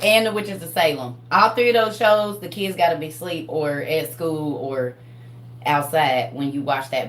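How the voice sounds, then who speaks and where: A woman hosts a live online class in casual chat, animated, laughing and talking straight to her viewers. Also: rumbling low, roomy sound, slight background noise. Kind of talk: casual livestream teaching chat.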